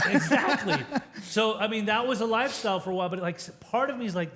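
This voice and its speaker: A middle-aged man from Southern California, a podcast guest telling his recovery story in a candid, profane, animated way, laughing often. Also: sits high, quick pace. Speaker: podcast guest, addiction interventionist. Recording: roomy room with long reverb.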